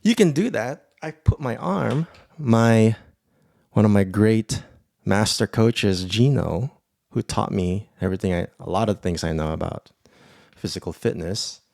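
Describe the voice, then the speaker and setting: A man hosting his own podcast in a casual, profane, excitable ramble about his life. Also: on the low side, a little slow, creaky, no echo, clean studio sound. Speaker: podcast host. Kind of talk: casual solo podcast monologue.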